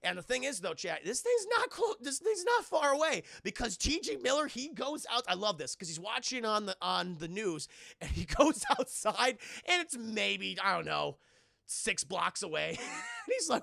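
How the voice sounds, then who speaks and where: A man with a gravelly, crackling voice, pitched high for a man, recaps a film for his live chat. He is loose and profane and keeps jumping into the characters' lines. The sound is dry and close, with no room around it. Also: dry recording. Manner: animated, profane, acts out characters' lines in quick bursts. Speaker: live streamer reviewing films. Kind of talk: casual spoiler recap on a live stream, addressing chat.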